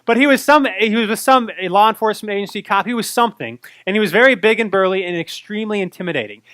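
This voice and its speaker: Speaking at a quick pace, this bright, high-voiced North Carolina pastor in his thirties tells a personal story within his sermon. He acts out how frightened he was in animated fashion, and the audio is close and dry without any room echo.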